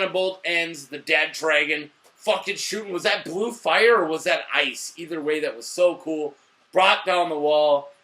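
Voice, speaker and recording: Tipsy young man, high bright voice, excitable, swears a lot, shouts at times. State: a little drunk. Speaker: show host reviewing TV. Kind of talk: casual video review.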